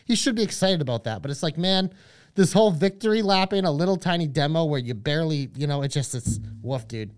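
Quick-talking co-host, smooth clear voice, emphatic casual banter. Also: medium pitch, expressive. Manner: fast, emphatic, hyping with lists. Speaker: podcast co-host. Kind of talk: casual opinionated chat.

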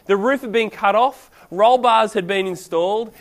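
A man delivering a sermon in a relaxed, story-driven way. His voice sits high for a man. He keeps it conversational and lively. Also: normal speed. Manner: casual, animated storytelling. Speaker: preacher.

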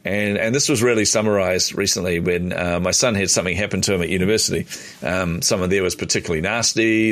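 New zealand man, middle-aged, low voice, animated storyteller, podcast guest. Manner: animated storyteller acting out dialogue. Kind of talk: casual storytelling interview.

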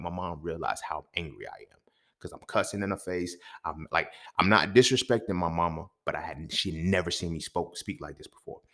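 Guy telling a story fast, low voice, gets loud then drops quiet, lots of cussing. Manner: heated, profane street storytelling, swings loud and quiet. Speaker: podcast host. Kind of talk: storytelling monologue.

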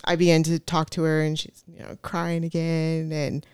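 A woman's voice: low voice, completely flat delivery, normal speed, clean tone, dry recording, studio quality. A woman chatting as a podcast guest, telling a personal story in a chatty way with many fillers and frequent laughs. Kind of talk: casual storytelling chat.

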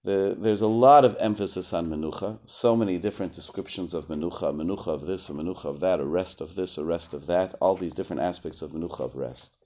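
A man giving a measured lesson on a prayer text, translating phrase by phrase and often repeating himself. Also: sits low, darkish tone. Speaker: Torah teacher.

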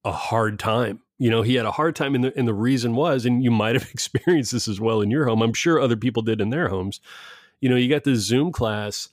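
A man's voice: mid-range voice, fairly quick, no echo, clean studio sound. A middle-aged man and father talking casually, rambling with frequent restarts and laughs. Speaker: parent discussing schooling. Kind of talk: casual conversation.

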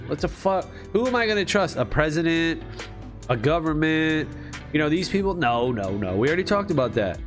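A man ranting casually in a profane, rambling, emphatic way. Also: medium pitch. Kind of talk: casual rant.

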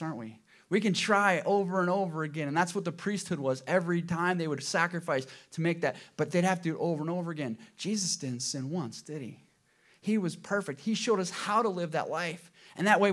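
A man preaching a sermon as pastor in a church, swinging between loud emphatic bursts and soft low asides, asking the congregation questions. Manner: asks the congregation rhetorical questions.

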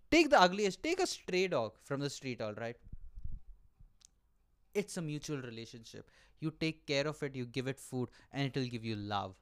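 This man's medium-pitched voice is a bit bright with a clean tone. He's a podcast host hoping to do stand-up, and he rants comically and profanely with exaggeration, tossing in frequent "all right?" asides to check on the listener.

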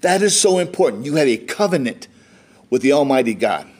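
A man's voice: medium pitch, sing-song, brisk. An American man preaching a sermon, reading scripture aloud and explaining it in a conversational way. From United States. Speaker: pastor.

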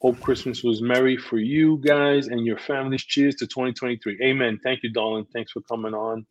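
A man's voice: medium pitch, fairly even intonation, a little fast. A man, a former police officer co-hosting, cracking jokes and greeting viewers in the chat. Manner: wisecracking, joking asides. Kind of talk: casual chat, reading the live chat. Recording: dull lo-fi sound.

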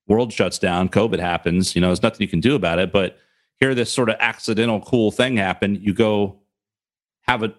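A man hosting a casual podcast chat, rambling with lots of fillers. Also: on the low side.

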